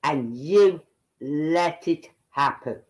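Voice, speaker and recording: Brief: woman, angry reaction commentator, slow and blunt, swears when heated. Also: deep voice, a little mellow, poor audio. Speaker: online commentator.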